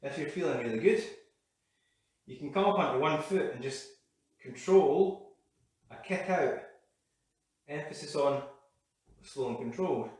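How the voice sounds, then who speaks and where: A man's voice: a little high, animated, measured pace, pauses often, darkish tone. A man leading a live workout while exercising, out of breath and breathing hard as he talks. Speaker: fitness coach. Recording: echoey room, mic far off.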